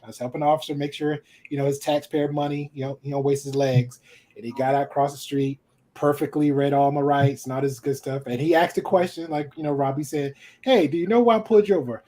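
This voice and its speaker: Laid-back guy from alabama rambling thru a story on a podcast, middle-pitched voice. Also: a little fast. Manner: rambling storyteller with restarts and fillers, relaxed. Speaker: podcast co-host. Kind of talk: casual chat.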